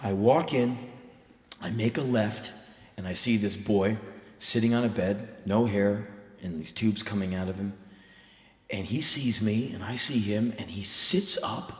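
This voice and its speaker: With a lowish, unhurried voice, this middle-aged man delivers a true story as live spoken word in a large hall. The telling is intense, blunt and full of profanity, punctuated by loud shouting, all wrapped in roomy stage reverb.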